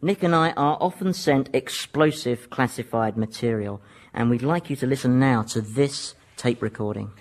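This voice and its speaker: A man's voice: medium pitch, moderate pace. A man co-hosting a comedy radio show, chatty and mock-earnest.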